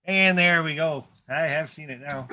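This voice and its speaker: A man's voice: fairly high pitch, normal speed, sharp tone, no room sound. A man hosting a casual live stream, chatting in an upbeat, rambling way.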